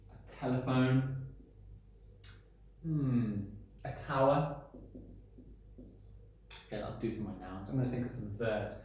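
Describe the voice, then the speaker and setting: Playful teacher in a very echoey room. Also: male voice, mid-range voice, darkish tone. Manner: playful, sounds out letters slowly and stretches key words. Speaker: primary school teacher. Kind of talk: recorded home-learning lesson.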